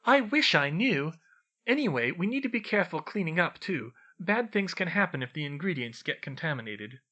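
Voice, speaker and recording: An eager, know-it-all young schoolgirl witch speaks in a high, lively voice, as a man narrating puts her on. She sounds crisp and instructive. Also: muffled recording, full character voice.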